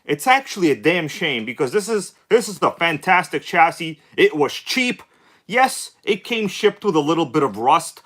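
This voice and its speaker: Man, live stream host, hyped-up YouTube voice, chatty, fairly high voice. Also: very animated, normal speed, fairly bright tone. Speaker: livestream host. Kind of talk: casual live stream chat.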